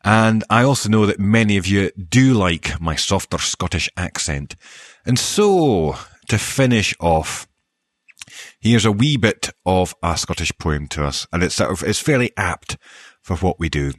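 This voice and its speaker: A man hosting a podcast who chats in a light, good-humoured way and rattles off quick lists of thanks. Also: deep voice, lively intonation, dry recording. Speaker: podcast host and newsreader. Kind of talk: casual podcast sign-off.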